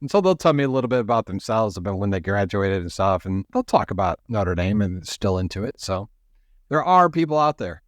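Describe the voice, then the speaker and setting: A middle-aged man co-hosts a casual sports podcast over a remote call, telling rambling stories that keep interrupting themselves. His fairly low voice swings widely in pitch and moves a little fast, captured in clean studio sound with no room echo.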